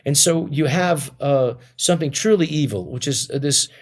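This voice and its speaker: A man's voice: a little high, moderate pace. Man telling stories, full of restarts. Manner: rambling, many restarts and fillers. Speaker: comedian guest. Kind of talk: casual interview storytelling.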